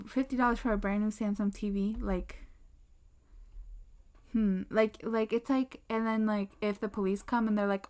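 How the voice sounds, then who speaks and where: A woman's voice: medium pitch, fairly even intonation, moderate pace, darkish tone. A young woman chatting casually at her desk, telling a rambling story full of fillers and restarts. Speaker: podcast host. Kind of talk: casual chat. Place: indoors at a desk.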